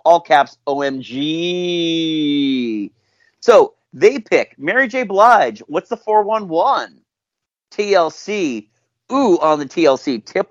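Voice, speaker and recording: A man hosting a podcast, talking in a lively, sing-song way that swings up and down. His tone stays sarcastic and joking. The sound is close and dry, with no room around it. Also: a little high, dry recording, muffled recording. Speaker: podcast host. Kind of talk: casual chat.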